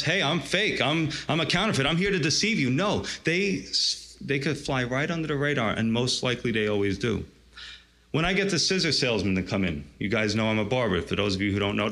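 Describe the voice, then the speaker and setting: A man's voice: medium pitch, lively intonation, a little fast, creaky, fairly bright tone. A male pastor delivering a sermon in a conversational storytelling way, often saying "you see.".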